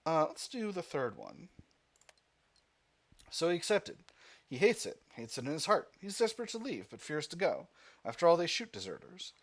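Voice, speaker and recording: A man's voice: a little high, wildly swooping pitch, moderate pace, pauses often, a bit bright. A man hosting a gaming video, reading the game's text aloud and thinking through his choices with fillers and restarts. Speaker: gaming channel host. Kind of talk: let's play commentary, reading game text aloud.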